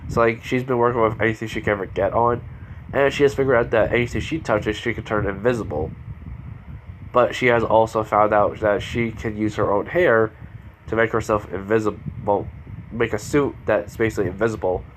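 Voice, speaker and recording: A man's voice: fairly low pitch, fairly even intonation, a little fast, a little hiss or hum. Rambling man telling a fan story. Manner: rambling, full of "you know" and "like", self-correcting. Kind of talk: improvised fan-story narration.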